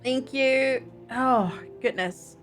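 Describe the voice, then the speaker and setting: A woman's voice: sits high, drawn-out words, faint music behind. A woman streaming a video game, chatting casually with her viewers, giggling, and reading in-game books aloud. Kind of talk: casual gameplay commentary.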